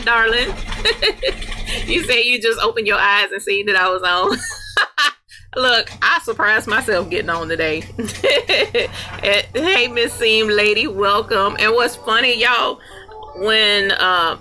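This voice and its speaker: A woman's voice: medium pitch, pushed and bright. A woman hosting a casual live chat, greeting viewers by name and laughing often while she works. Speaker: livestream host. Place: workroom with embroidery machine running. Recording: clear machine hum behind voice. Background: embroidery machine noise.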